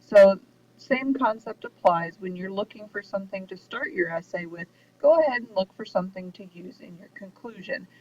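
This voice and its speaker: A woman's voice: medium pitch, normal speed, a little mellow. A woman giving a recorded lesson on essay writing, explaining steadily with frequent ums and uhs. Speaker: writing instructor. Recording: dull distant mic with faint hiss.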